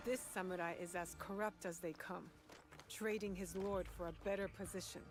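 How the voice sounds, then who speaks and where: An actress voicing a stern female warrior in a video game, speaking gravely and with menace. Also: lowish voice, steady tone, moderate pace, soft background music, natural voice. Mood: scornful. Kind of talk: game dialogue.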